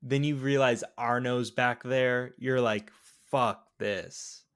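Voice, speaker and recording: Man, podcast co-host, casual, curious, reactive, everyday mid-pitch voice. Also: little pitch movement, clean tone. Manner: chatty, questioning, quick to react. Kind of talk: casual film discussion.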